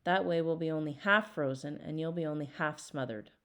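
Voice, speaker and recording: A woman's voice: deep voice, a little fast, a bit bright. A woman voicing a wry grown woman prisoner in an audiobook, who settles a quarrel in a conciliatory way.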